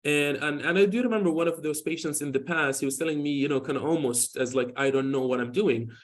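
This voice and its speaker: A fast-talking dermatologist in his forties, voice slightly high, delivers a hospital lecture on skin conditions. He rambles and restarts, leaning on "you know," and tells patient stories in a relaxed, informal style.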